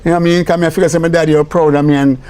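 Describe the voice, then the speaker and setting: Man, older, Jamaican accent, somewhat high voice, record producer, storytelling, patois mixed with English. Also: rapid-fire. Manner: lively anecdotal, mixing Jamaican patois and English. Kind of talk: storytelling interview talk.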